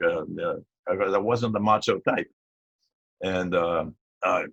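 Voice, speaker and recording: Older male interview guest, a retired cop, folksy and halting, with a low, slightly husky voice. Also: fairly bright tone, no room sound. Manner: rambling, halting, with many fillers and restarts. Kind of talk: casual storytelling interview. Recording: dull lo-fi audio.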